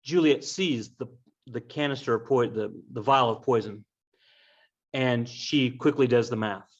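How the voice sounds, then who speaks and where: A man's voice: mid-range voice, measured pace. A man casually retelling a classic tragedy with wry, offhand asides. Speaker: storyteller. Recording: dull lo-fi recording.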